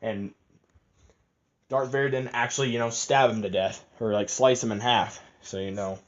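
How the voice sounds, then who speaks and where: A man's voice: mid-range voice, fairly even intonation, moderate pace. A young man giving a rambling, profane, casual film review, full of fillers and restarts. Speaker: movie reviewer. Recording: slightly muffled lo-fi audio.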